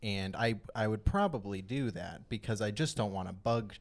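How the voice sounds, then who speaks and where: A young man with a low voice chats casually on a podcast. He speaks in a laid-back way, wandering through his thoughts with frequent filler words. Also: animated, moderate pace. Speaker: podcast co-host, drummer. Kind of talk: casual chat.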